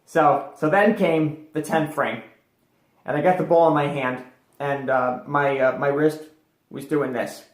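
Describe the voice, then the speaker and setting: Man, interview guest, rambling storyteller, lots of fillers, slightly high voice, roomy echo. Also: steady tone, measured pace. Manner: rambling with many fillers and restarts.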